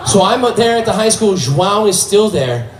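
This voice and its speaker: Male stand-up, thirties, high and lively voice, animated storyteller, echoey club with a faint audience. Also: moderate pace, distant mic, a little hiss or hum. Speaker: stand-up comedian. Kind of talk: stand-up routine. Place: comedy club stage.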